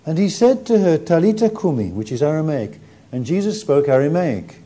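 A man preaching a sermon, retelling the story with animated energy and warm humour. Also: a little high, moderate pace.

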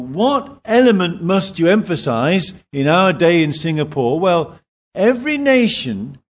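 At a church in Singapore, a man delivers a sermon slowly and with emphasis, his pitch swinging in lively arcs.

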